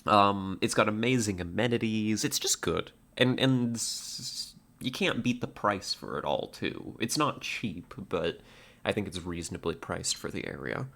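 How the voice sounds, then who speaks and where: Low voiced guy streaming, talks slow, keeps giggling and stammering. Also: lively intonation, vocal fry, fairly bright tone. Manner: giggly, stammering, reads out chat puns. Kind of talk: casual stream chat.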